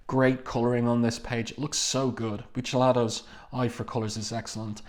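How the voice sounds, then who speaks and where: A man's voice: medium pitch, flat delivery. Thoughtful male comic book reviewer. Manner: measured, reflective, pausing often to find words. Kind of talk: casual page-by-page commentary.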